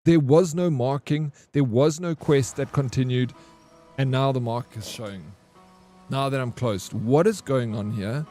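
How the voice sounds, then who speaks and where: A man's voice: medium pitch, a little slow, dark tone, faint music behind. A young man, chatting loosely and rambling to himself as he streams a game, swearing now and then. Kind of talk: casual live gameplay commentary.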